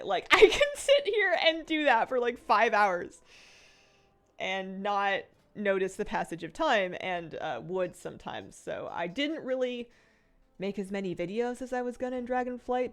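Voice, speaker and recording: Lively, chatty woman streamer. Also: mid-range voice. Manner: rambling and chatty, laughing often. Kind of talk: casual chat while gaming.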